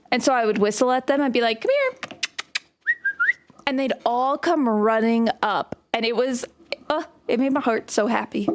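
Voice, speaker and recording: Young woman streamer, higher voice, easygoing storyteller, casual gaming chat. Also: slight background noise. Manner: chatty, storytelling while playing.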